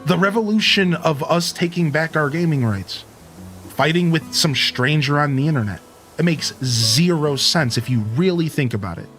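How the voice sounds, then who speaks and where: A man's voice: a little high, expressive, moderate pace, a bit bright, soft background music. A man hosting a live stream, giving an earnest, preachy rant to his viewers with casual slang. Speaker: Twitch streamer and host.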